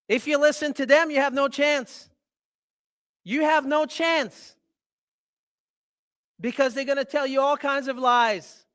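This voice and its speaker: A man's voice: very high voice, a bit bright. A man giving a live health seminar to an audience, emphatic and repetitive, often asking the listeners questions. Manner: emphatic, repeats key points, quizzes the audience. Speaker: health speaker.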